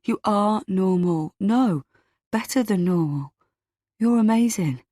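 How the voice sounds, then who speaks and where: A woman voicing a kind young man, speaking softly and sympathetically. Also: mid-range voice, lively intonation, slow, no echo, clean studio sound. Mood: soft, sympathetic.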